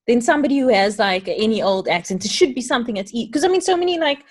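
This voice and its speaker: A woman's voice: on the high side, expressive, quick pace. Laughing South African woman hosting. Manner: laughing often, easygoing. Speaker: podcast host. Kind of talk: casual chat.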